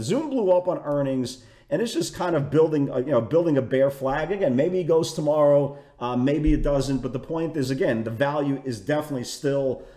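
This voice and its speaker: A man's voice: mid-range voice, mellow. Chatty man, echoey room. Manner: chatty, repeats "right?" and "again"; self-correcting restarts. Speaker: stock trading educator. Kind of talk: market recap talk.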